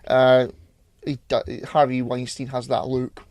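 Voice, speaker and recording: A man's voice: medium pitch, little pitch movement, measured pace, darkish tone, no room sound. Blunt, sweary male podcast co-host. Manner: blunt, sardonic, swears freely. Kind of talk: casual banter.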